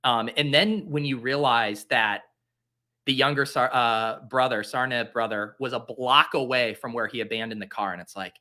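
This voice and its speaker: A young man hosts a fantasy football show, commenting casually on his own while drafting and theatrically mocking himself in exasperation. His medium-pitched voice is bright and forceful, with fairly even intonation at a moderate pace.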